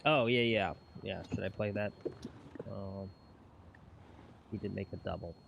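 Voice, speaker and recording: A man's voice: lowish voice, a little slow, gravelly, noisy background. A man co-hosting a casual golf livestream, reading chat and teasing with mock announcer bits.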